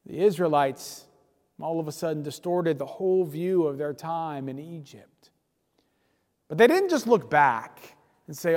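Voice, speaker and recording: Animated, high-voiced preacher in a hall. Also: male voice, normal speed. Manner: animated storytelling, sudden drops to near-whisper. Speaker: pastor. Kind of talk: sermon. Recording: long reverb in a large hall.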